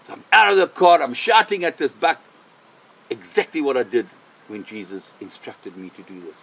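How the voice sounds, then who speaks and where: An older man, a missionary, telling a personal faith testimony in an animated way, repeating phrases for emphasis. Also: fairly high pitch, creaky, slight background noise, poor audio. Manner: animated, vivid storyteller who repeats himself for emphasis.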